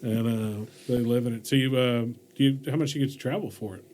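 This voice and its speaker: A man's voice: medium pitch, fairly even intonation, brisk, a little mellow. A man hosting a podcast, asking questions and telling stories in a chatty, rambling, jokey way. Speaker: podcast host. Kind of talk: casual podcast interview.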